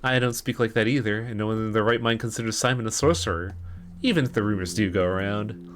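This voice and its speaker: A man reading the lines of a gentle, enigmatic young woman with a soft, coaxing delivery. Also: lowish voice, fast, close to an everyday voice. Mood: musing.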